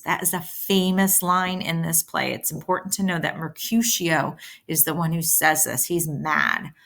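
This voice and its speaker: A woman with a fairly low voice is teaching a play. She reads its lines aloud with some energy, then breaks off to explain them in simple, everyday words. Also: measured pace, gravelly. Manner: switches between plain explaining and lively line reading.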